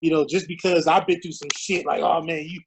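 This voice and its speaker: A man's voice: fairly high pitch, steady tone, brisk, creaky, background noise. A man hosting a casual podcast discussion, conversational and steering the talk. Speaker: podcast host.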